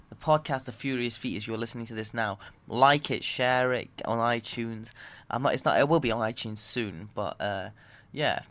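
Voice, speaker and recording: A comedian hosting his own podcast, ranting loudly and swearing as he goes. His voice sits at an ordinary middle pitch, and he delivers a comedic monologue full of animated outbursts. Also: clean tone, dry recording.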